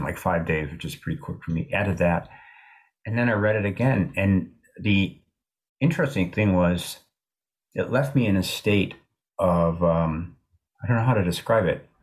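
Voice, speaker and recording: A man in his sixties, an author in an interview, talking in a thoughtful, halting way with many restarts. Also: sits low. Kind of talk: reflective interview talk.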